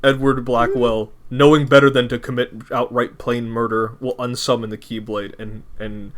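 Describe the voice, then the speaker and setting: A man running a tabletop game as game master, with a mid-pitched, ordinary voice. He narrates in a halting way, full of fillers and restarts. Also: flat delivery, a little hiss or hum.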